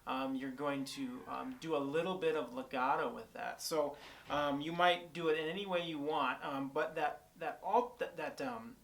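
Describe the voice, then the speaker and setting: This young guitar teacher's voice is on the high side, creaky, and a bit bright, at a moderate pace. He explains picking technique casually, thinking aloud with many fillers and restarts, while guitar playing fills gaps between phrases on an on-camera shotgun mic.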